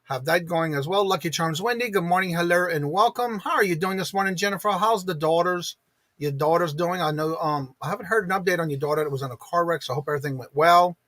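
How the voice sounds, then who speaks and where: A man hosts a casual morning live stream, his voice sitting fairly high for a man. He chats easily and greets each viewer by name. The sound is dry and close, with no room echo. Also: fast, a bit bright.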